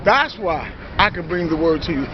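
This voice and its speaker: Man, high voice, preachy monologue, confrontational, lo-fi recording. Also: lively intonation, normal speed, noisy background. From New York. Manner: confrontational, repetitive, heavy on "you know" and "see". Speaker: self-styled preacher. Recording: dull lo-fi recording.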